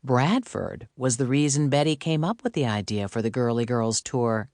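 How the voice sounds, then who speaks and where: A woman narrating a cozy mystery audiobook in a measured, deliberate reading. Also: very deep voice, darkish tone, no echo, clean studio sound. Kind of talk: scripted narration.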